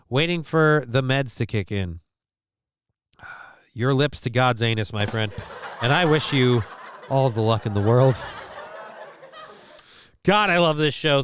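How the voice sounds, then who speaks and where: A man's voice: medium pitch, normal speed, long pauses, fairly bright tone, slight background noise. Crude joking male stream host. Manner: crude, joking, reads chat aloud. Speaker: show host. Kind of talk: live-stream news commentary.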